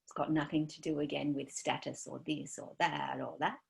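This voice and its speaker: A woman giving a dharma talk as a meditation teacher, gentle and searching, trailing off softly with many fillers. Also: low voice, fairly even intonation, moderate pace, gravelly.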